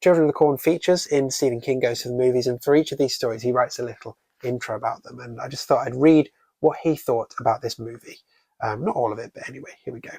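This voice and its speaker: A man's voice: mid-range voice, fast, mellow, dry recording. Male reviewer, sarcastic, casual swearing, dry close recording. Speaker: horror book and film reviewer.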